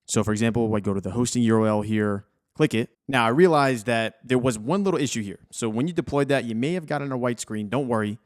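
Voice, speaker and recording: A man's voice: mid-range voice, fast talker. Casual young man walking through code. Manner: casual, encouraging, talks viewers through steps. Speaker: coding tutorial host. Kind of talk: screen-recorded software tutorial.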